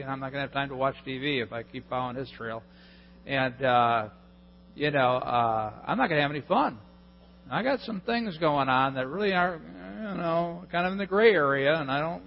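A male pastor preaching a sermon in an animated way, acting out people's prayers with a mocking edge. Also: a little high. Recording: lo-fi recording in a reverberant hall with mains hum.

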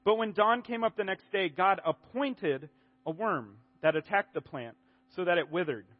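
Guy giving a chatty sermon, kinda high voice, restarts a lot, dull lo-fi audio. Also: normal speed. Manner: conversational, animated, with many restarts. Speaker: preacher.

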